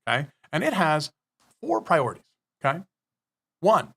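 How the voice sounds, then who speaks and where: Male podcast guest, a bit high-pitched, emphatic and profane, lecturing style. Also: big pitch swings, normal speed, gravelly, fairly bright tone, slightly rough. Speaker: business guest. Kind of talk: podcast interview.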